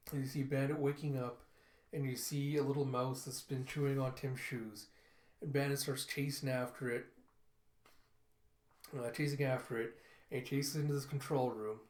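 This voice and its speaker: A man's voice: mid-range voice, a little hiss or hum. A man casually reading through a comic and reacting, with loose wording and many fillers. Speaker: comic reviewer. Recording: echoey room.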